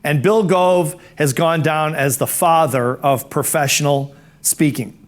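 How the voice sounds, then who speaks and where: Fairly high-voiced middle-aged male speaking coach. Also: unhurried. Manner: conversational, repeats words and restarts phrases. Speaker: speaking coach teaching a course. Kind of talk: anecdotal course lecture.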